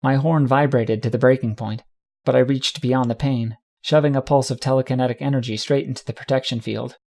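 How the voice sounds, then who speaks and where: A man's voice: mid-range voice, brisk. Man narrating a dramatic audiobook. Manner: dramatic, steady storytelling. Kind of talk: first-person fanfiction audiobook reading.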